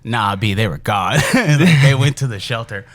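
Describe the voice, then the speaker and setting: A man's voice: mid-range voice, moderate pace, no room sound. A young man from Chicago, a podcast guest telling stories in casual chat, swearing freely and laughing as he goes. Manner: profane, laughing, animated storyteller. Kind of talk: casual storytelling.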